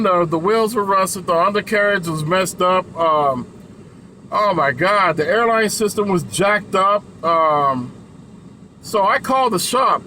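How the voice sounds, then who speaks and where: High, bright-voiced trucker telling stories. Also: male voice, a little hiss or hum, rough recording. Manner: loose and profane, laughing between lines. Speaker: truck driver. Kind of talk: casual storytelling vlog.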